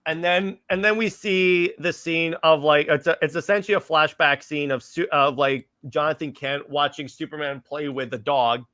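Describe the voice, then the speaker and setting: A man hosts a relaxed film discussion with a fairly high, bright and forceful voice. He retells scenes eagerly, often stammering and restarting his sentences as he goes. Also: normal speed, hardly any pauses. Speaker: podcast host. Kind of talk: casual movie discussion.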